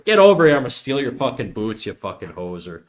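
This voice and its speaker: A man's voice: mid-range voice, sing-song, fast talker, lightly acted. A man voicing a rowdy, foul-mouthed redneck Canadian man who taunts and threatens to start a fight, with a Canadian accent. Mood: taunting.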